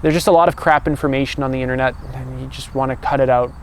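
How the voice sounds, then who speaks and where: A young male coach muses aloud in a relaxed, unscripted way, often tagging his points with a questioning "right?". His voice has a gravelly, creaky texture at a middle pitch. Faint street ambience sits quietly under him. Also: fast, a little hiss or hum. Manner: calm, loose, many "right?" tags and restarts. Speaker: personal growth coach. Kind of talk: casual reflective monologue.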